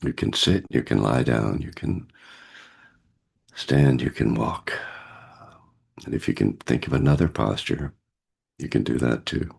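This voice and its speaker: A man with a cold leading a guided meditation over a video call, speaking gently with pauses and fillers. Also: a bass voice, vocal fry, breathy edge. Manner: slow, gentle, pausing guidance with fillers. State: has a cold, husky voice. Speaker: meditation teacher.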